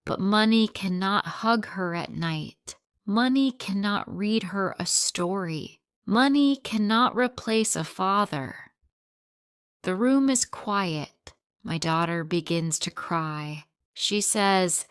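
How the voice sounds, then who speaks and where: A woman narrating a scripted story for English learners, reading slowly and plainly. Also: on the low side, a bit bright, clear, resonant tone, dry recording, clean studio sound. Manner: slow, plain, evenly paced reading.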